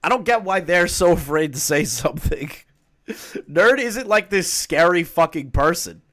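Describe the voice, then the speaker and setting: A man commenting casually on a live stream, swearing often, reading documents aloud and breaking into loud exclamations. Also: fairly high pitch, animated, a little slow, dry recording, studio quality.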